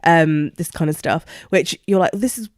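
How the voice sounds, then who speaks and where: A woman's voice: sits low, steady tone, moderate pace, smooth, no echo, clean studio sound. A woman guest on a podcast, chatting casually about films, retelling scenes and laughing easily. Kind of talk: casual film discussion.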